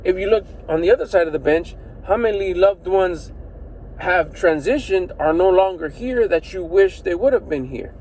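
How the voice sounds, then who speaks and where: A middle-aged man giving casual motivational talk to camera, animated and slangy, swearing freely and asking rhetorical questions, recorded on a phone inside a vehicle. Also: high voice, moderate pace, slight background noise, low-quality recording. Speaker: personal development vlogger.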